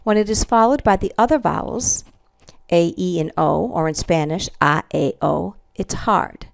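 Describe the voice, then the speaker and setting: A woman's voice: lowish voice, creaky, no echo, studio quality. A woman teaching a Spanish pronunciation lesson, repeating each example word and checking in with "okay" and "all right". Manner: slow, careful, repeats example words.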